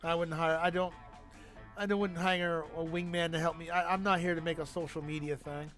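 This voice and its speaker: A man's voice: fairly high pitch, little pitch movement, fairly quick, a bit bright, soft background music. A man streaming a game, talking casually and playfully, swearing freely and laughing at the jokes. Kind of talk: casual gameplay commentary.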